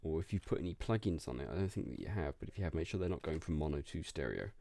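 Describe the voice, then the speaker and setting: A man's voice: very deep voice, lively intonation, racing, creaky, mellow. A man giving casual studio feedback to a singer as a music producer, rambling and interrupting himself, with faint music and keyboard clicks behind. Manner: rambling, self-interrupting, repeats words.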